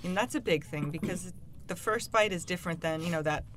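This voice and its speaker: Woman guest expert, steady and even advice, slight background hiss. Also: fairly low pitch. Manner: calm, measured, lots of you-know fillers. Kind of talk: casual advice chat.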